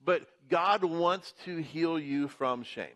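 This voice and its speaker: A pastor preaching a sermon in church, building emphasis through rhythmic repetition. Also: male voice, a little high, takes it slowly.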